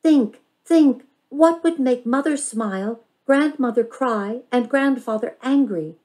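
A woman's voice: mid-range voice, a little slow, close to an everyday voice, rough recording. A woman voicing an impatient, curious young girl who pleads and talks eagerly in a storybook reading. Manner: eager, pleading, rising excitement.

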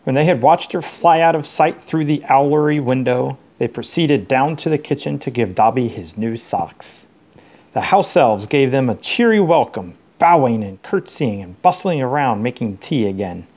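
Gravelly-voiced man reading a storybook. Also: medium pitch, lively intonation, normal speed, darkish tone. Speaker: parent reading to his children. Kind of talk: reading a novel aloud.

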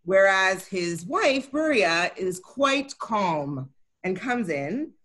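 A woman's voice: medium pitch, sing-song, slow, fairly bright tone. A woman teaching a Talmud study session, explaining each line and often checking in with her listeners. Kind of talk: co-taught text study session.

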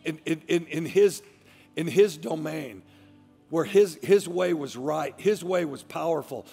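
A middle-aged man, a pastor, preaching a fiery sermon that swings from hushed tones to shouting. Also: on the high side, unhurried, creaky, slightly rough. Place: large church sanctuary. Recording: long church-hall reverb, faint music.

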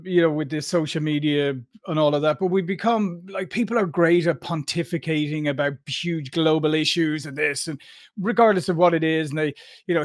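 A man hosting an interview podcast, reflecting on his guest's story with engaged commentary. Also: on the high side. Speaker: podcast host. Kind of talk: interview conversation.

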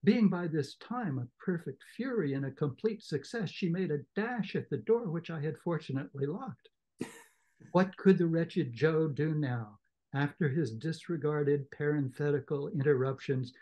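Enthusiastic male book club reader, mid-pitched voice, reading a novel passage aloud. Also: warm tone.

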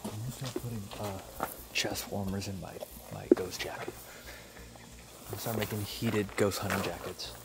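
A man hosting a night ghost hunt outdoors by a cemetery, joking and quick to laugh as he calls out to spirits. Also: fairly low pitch, fairly even intonation, heavy background noise. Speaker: ghost hunting host. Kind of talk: casual chat to camera and to spirits.

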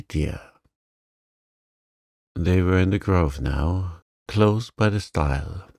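A man narrating a classic novel as a calm sleep story, in a soft, even way. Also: sits low, gravelly, no echo, clean studio sound.

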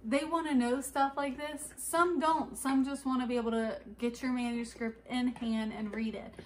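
Woman, fairly high voice, chatty and rambling, casual advice, faint background noise. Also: steady tone, normal speed. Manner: chatty, rambling with fillers and restarts. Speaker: writing vlogger giving advice. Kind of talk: casual advice talk to camera.

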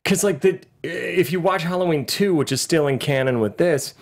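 A man co-hosting a film podcast in casual chat, animated, laughing often and acting out lines. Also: fairly high pitch, normal speed, gravelly. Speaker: podcast co-host.

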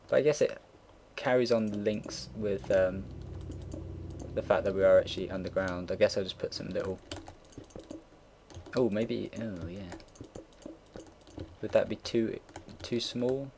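A low-voiced young man in his late teens chats loosely as he builds something on his computer. He drifts between stories, loses his thread and swears offhandedly. A faint hiss sits under his voice, with soft keyboard clicks behind him. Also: unhurried, gravelly, long pauses. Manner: rambling and easily sidetracked, swears casually. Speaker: game builder narrating a build. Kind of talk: casual gameplay commentary. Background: keyboard typing and mouse clicks.

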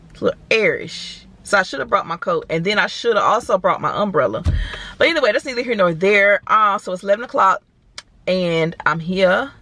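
A woman's voice: medium pitch, animated, brisk, bright, forceful tone, a little hiss or hum. A woman, vlogging and chatting animatedly to viewers from her car. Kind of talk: casual chat to camera.

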